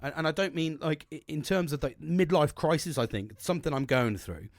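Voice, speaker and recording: Male podcast host, forties, slightly high voice, rambles and swears freely, dry close sound. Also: brisk, dry recording. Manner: rambling, heavy swearing, frank and self-mocking. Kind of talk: solo podcast monologue.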